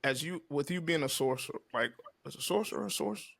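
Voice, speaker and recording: A man's voice: fairly high pitch, lively intonation, brisk, gravelly, fairly bright tone, slightly rough, dry recording. A man on a podcast who speaks hesitantly and trips over his words as he asks a question. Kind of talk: casual podcast chat.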